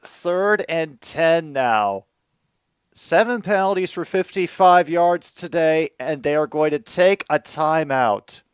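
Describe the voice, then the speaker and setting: Excitable man calling a football game. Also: a little high, slow pace, smooth, no echo. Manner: excitable, swings from dry asides to loud outbursts. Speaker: host doing live game commentary. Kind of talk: casual live play-by-play commentary.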